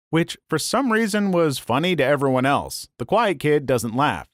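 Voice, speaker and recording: Lively man narrating comic stories. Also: a little high, moderate pace, hardly any pauses, no room sound, studio quality. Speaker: story narrator. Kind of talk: scripted narration of online stories.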